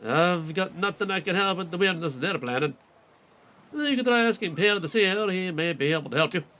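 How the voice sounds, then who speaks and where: A man's voice: sits high, brisk, bright, forceful tone. A man putting on a repeated accent to voice cheerful villagers in a role-playing game. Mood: hammy. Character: chatty village NPCs in the same put-on accent.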